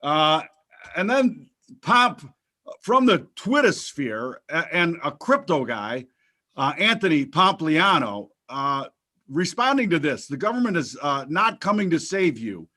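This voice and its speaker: A man's voice: a little high, big pitch swings, a little slow, pushed and bright. A man hosting a casual talk show, joking loosely and wandering through topics with fillers and restarts. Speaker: podcast host.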